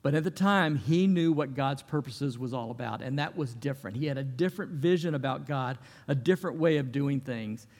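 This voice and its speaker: A middle-aged man preaching a sermon, conversational and lively, telling stories and often restarting his sentences. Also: medium pitch, fairly quick, hardly any pauses, big-room sound. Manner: conversational, animated storytelling with repeated restarts. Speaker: pastor.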